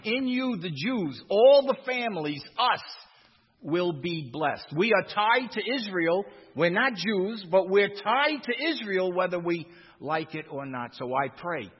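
A man preaching from the pulpit, his voice pitched a little high and slightly husky. He pushes key phrases with emphasis and says some of them twice. The sound is dull, with a long echo as if in a large church. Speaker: pastor. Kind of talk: sermon.

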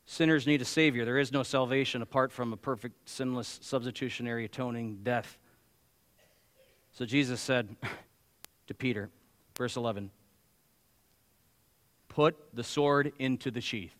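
A man preaching a sermon as pastor, emphatic, swinging between loud exclamations and quiet, slow asides. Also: medium pitch, fairly even intonation, in a large hall.

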